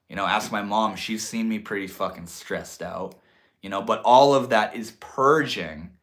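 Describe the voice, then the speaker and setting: A young man hosting a livestream, talking in a reflective, drawn-out way and swearing casually. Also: fairly low pitch, sharp tone. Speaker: livestream host.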